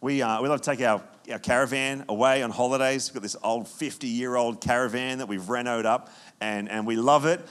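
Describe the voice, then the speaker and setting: A man preaching a sermon, with animated storytelling and frequent restarts. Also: medium pitch, fairly quick, hardly any pauses, clear, resonant tone. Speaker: pastor.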